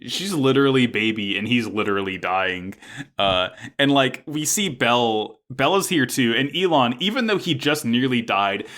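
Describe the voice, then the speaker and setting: A man chats through an anime episode on a podcast, his bright voice leaping up and down in pitch. He slips into quick voices for the characters as he retells each scene, then drops straight back to plain chat. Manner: animated, acts out characters' lines while recapping. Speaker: podcast co-host.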